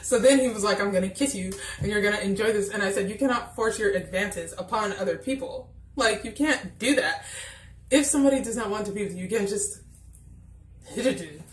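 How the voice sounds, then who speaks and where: A woman's voice: medium pitch, fairly quick, reverberant, a little hiss or hum, low-quality recording. A woman chattily reviewing a TV episode, exasperated, acting out lines from scenes. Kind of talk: casual TV episode review vlog.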